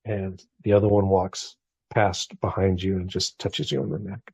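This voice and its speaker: A man's voice: sits low, little pitch movement, normal speed, creaky, slightly rough, no echo. A man in his forties talking reflectively in a casual conversation, full of restarts and small asides. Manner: reflective, warm storytelling with frequent restarts.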